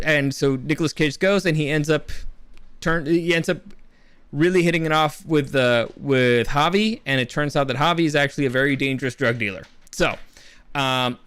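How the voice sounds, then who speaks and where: A man's voice: fairly high pitch, fairly bright tone, clear, resonant tone, no room sound. A young man casually reviewing films, rambling and enthusiastic, with many restarts. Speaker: movie reviewer. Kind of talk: casual spoken film review.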